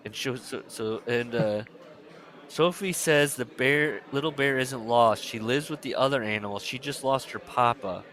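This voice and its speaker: Man, podcast co-host, casual book talk, animated, laughing a lot. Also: mid-range voice, moderate pace. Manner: animated retelling, laughs often.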